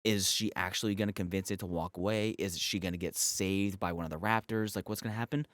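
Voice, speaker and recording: A young man casually recapping and reviewing a show episode, animated and profane, with joking asides. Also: low-pitched, fast, dry recording, studio quality.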